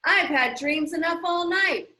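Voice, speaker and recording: A woman's voice: extremely high pitch, measured pace, pushed and bright, reverberant, heavily acted. A woman reading as Tom Sawyer, scoffing boy. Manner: folksy rural dialect, scornful.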